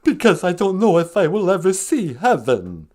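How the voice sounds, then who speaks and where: A man's voice: high voice, huge pitch swings, a little mellow. A man doing Count Von Count, a wailing vampire. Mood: tearful. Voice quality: "ah, ah" cackle, mock Transylvanian drawl. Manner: slow, melodramatic, self-pitying. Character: theatrical brooding male vampire count. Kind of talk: comedic call-in sketch.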